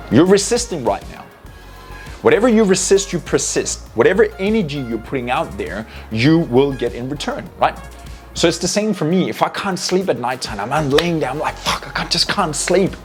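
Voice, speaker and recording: A man talking to camera as a coach, giving energetic, casual motivational tips, often checking in with "right?" and swearing freely. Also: mid-range voice. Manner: energetic, repeats "right?" to the viewer. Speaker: life and fitness coach.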